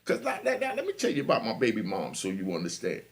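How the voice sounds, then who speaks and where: Gravelly New man telling street stories. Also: on the low side, wildly swooping pitch, quick pace. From New York. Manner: laid-back, full of "you know", chuckles. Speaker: podcast host. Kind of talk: street storytelling monologue.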